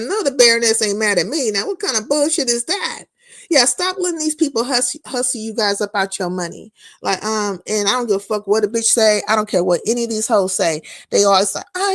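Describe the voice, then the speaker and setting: A woman live streaming, chatting casually with her viewers and answering their comments in a blunt, profane, animated way. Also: on the high side, dry recording, clean studio sound. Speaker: live streamer and content creator.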